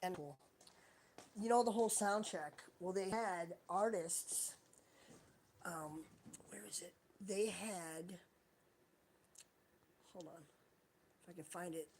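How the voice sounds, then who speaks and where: A woman's voice: lowish voice, takes it slowly, pauses often, darkish tone, a little hiss or hum. A woman chatting casually on a home live stream, rambling and wandering between thoughts while she searches around for things. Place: at home, indoors.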